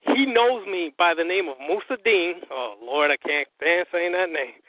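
Animated man telling a story over the phone. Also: sits high, normal speed, no room sound. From US Northeast. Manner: animated storytelling, quotes others, heavy profanity. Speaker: guest telling his story. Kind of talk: casual phone interview. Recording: tinny phone line.

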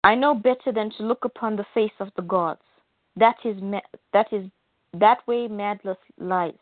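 A woman's voice: mid-range voice, moderate pace, dry recording, natural voice. Dazed warrior woman lost in visions read by a woman, plain read, phone-line sound. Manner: plain read-aloud delivery. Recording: phone-like dry audio.

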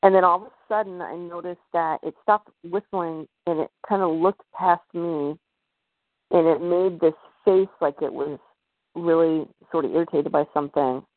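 A woman's voice: fairly low pitch, steady tone, normal speed, dry recording. A woman as a podcast guest, telling a personal story in a hesitant way, full of fillers and restarts. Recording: tinny phone-like line.

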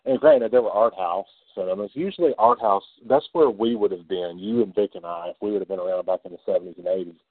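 A man's voice: low-pitched, fast, hardly any pauses, no echo. A man co-hosting a podcast, chatting casually and profanely about horror films and laughing readily. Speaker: podcast co-host. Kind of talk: casual movie discussion. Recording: tinny phone-like sound, dry.

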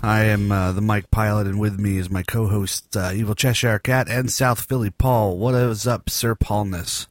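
A man's voice: on the low side, steady tone, moderate pace, hardly any pauses, dry recording, faint music behind. A man hosting a casual podcast in his morning voice, rambling and joking with many fillers. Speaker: podcast host.

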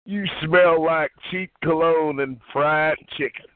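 A man speaking slowly in a mock announcement manner. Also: a little high, fairly even intonation, no room sound. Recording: dry tinny phone line.

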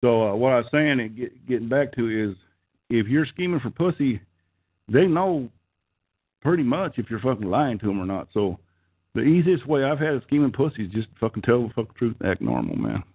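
A man's voice: mid-range voice, big pitch swings, fairly quick, slightly rough, no echo. A middle-aged man with an Okie accent hosting a casual call-in chat, crude, profane and rambling. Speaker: call-in show host. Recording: tinny phone-like call line.

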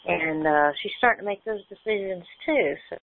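A woman's voice: fairly low pitch, moderate pace, gravelly, no room sound. A woman speaks on a group call about changes in her life, heartfelt and a little rambling. She acts out the conversations she recounts. Her voice comes through a narrow, tinny phone connection. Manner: emotional, repeats phrases, acts out quoted dialogue. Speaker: community call participant. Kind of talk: personal sharing on a group call.

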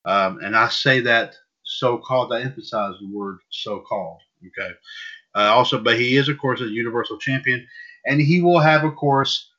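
A man's voice: mid-range voice, normal speed, sharp tone. A man hosting a casual wrestling news podcast, rambling and repeating himself. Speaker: podcast host. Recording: dull lo-fi audio.

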